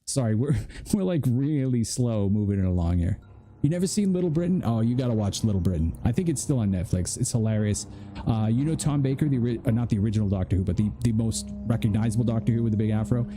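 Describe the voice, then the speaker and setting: A man's voice: on the low side, expressive, fast talker, dark tone, slight background noise. A man streaming a video game, chatting and joking in rambling asides as he plays. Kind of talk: casual gameplay commentary.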